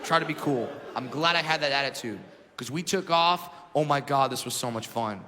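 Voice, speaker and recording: A man's voice: medium pitch, moderate pace, background noise. A man performing a stand-up comedy routine on a club stage, telling stories in a brash, punchy way. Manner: brash storytelling, punchy and animated. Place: comedy club stage before a large audience. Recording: reverberant club hall, loud crowd laughter.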